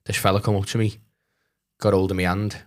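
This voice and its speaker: A man's voice: fairly low pitch, fairly quick. A man with a Liverpool accent telling stories as a guest comedian on a podcast, swearing freely and acting out other people's voices. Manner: animated, swears, acts out voices in anecdotes. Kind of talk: casual storytelling chat.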